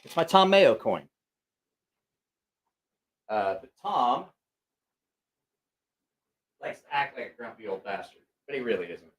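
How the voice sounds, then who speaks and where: A man's voice: mid-range voice, very animated, slow pace, pauses often, breathy edge. A man hosting a casual livestream and telling a rambling, profane story full of quoted voices. He has a school-age kid. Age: adult with school-age child. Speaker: livestream host.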